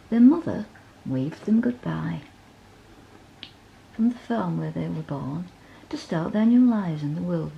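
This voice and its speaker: Low, gravelly bedtime storyteller woman. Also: muffled recording, a little hiss or hum. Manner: gentle, asks the child to look at pictures.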